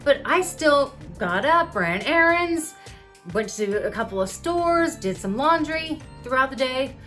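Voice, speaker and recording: A woman's voice: high-pitched, expressive, measured pace, fairly bright tone, soft background music. Woman telling a candid personal story. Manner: open, confessional, conversational with fillers. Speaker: vlogger sharing her epilepsy journey.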